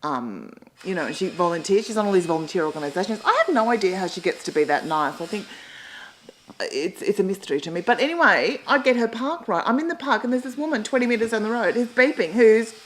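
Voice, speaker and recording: Rambling Australian woman with lively pitch. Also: fast, slight background noise, rough recording. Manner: rambling, self-mocking, swearing, sudden loud outbursts. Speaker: comedian and columnist. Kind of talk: comic monologue.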